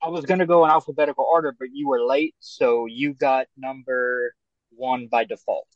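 A man's voice: mid-range voice, steady tone, moderate pace, dry recording, lo-fi sound. A man in casual podcast chat, bluntly explaining the rules of a quiz game and swearing freely.

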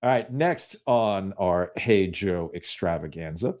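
A man's voice: deep voice, measured pace. A man hosting a sports podcast, chatting casually and joking with mock indignation. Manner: animated, jokey, mock-indignant rants. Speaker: podcast host.

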